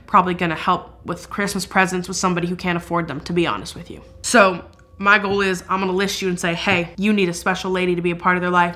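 A woman hosting a paranormal vlog, chatting earnestly and excitably to a haunted doll and talking fast in bursts. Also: lowish voice. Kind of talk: casual chat addressing a haunted doll.

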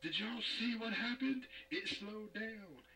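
A man's voice: sits high, slow pace, sharp tone, recorded from a distance, slight background noise, poor audio. A man co-hosting a casual gameplay chat, joking and laughing, throwing in playful exclamations. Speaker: co-host of a game video.

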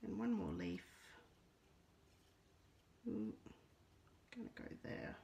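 A woman's voice: medium pitch, wildly swooping pitch, takes it slowly, vocal fry, warm tone, muffled recording, a little hiss or hum. A middle-aged Australian woman chatting casually through a live papercraft demo, reading out viewer comments as she works. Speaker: papercraft demonstrator. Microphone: phone.

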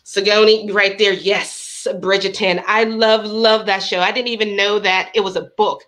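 A woman's voice: medium pitch, measured pace, few pauses, a bit bright. A woman hosting a crochet livestream, chatting casually and bubbly with her viewers and reading out patterns.

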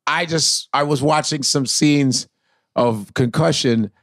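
A man telling an animated story in quick bursts as a podcast guest in casual chat. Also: on the high side, no echo, studio quality.

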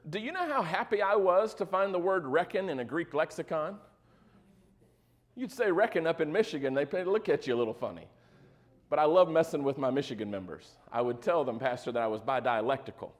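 The sermon comes from a man with a high, expressive voice who talks fairly quickly. As pastor, he teaches in a casual way, tossing in humorous asides and frequently confirming that the congregation follows.

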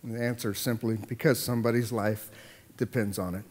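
A middle-aged man preaching a sermon as pastor, animated, often repeating words as he builds a point. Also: medium pitch, brisk. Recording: long hall reverb.

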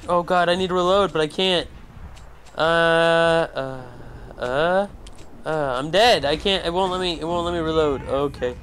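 A young man calls out his own gameplay in a high, excitable voice. He yells and swears at the screen. Faint music plays underneath. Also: moderate pace. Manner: loud, excitable, swearing, yelling at the game. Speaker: gamer. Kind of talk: let's play commentary.

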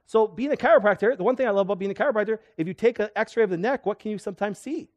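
Middle-aged man, chiropractor lecturing a crowd, fairly high voice, animated, question-and-answer style. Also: rapid-fire. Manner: animated, asks the audience questions. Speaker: chiropractor giving a health talk. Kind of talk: live seminar lecture to an audience.

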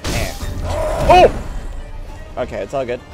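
A man's voice: mid-range voice, wildly swooping pitch, slow. A man streaming a video game, reacting with yelps, groans and silly asides. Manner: jokey baby talk and sing-song asides. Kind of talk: live gameplay commentary. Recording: loud game music behind.

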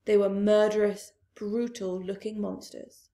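A woman reads a children's story aloud at a very unhurried pace, slipping into hushed asides. Her fairly high voice has a gravelly, fry-touched texture. The recording sounds roomy and echoey. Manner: slow, expressive reading with hushed asides.

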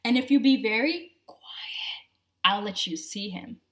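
A woman's voice: a little high, moderate pace, a bit bright, distant mic, lightly acted. A woman doing a curious little farm boy. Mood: hushed.

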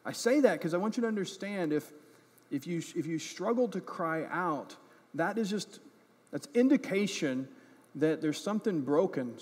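A man's voice: fairly high pitch, husky. A man preaching a sermon as pastor, impassioned and earnest, often repeating words as he builds a point. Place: church. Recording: echoey church hall.

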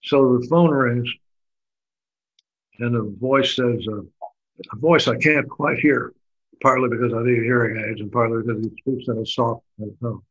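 A man's voice: mid-range voice, steady tone, moderate pace, fairly bright tone. Older texas guy rambling through funny stories, kinda muffled lo-fi sound. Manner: rambling, dry humorous storytelling. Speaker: guest musician and storyteller. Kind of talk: casual interview chat.

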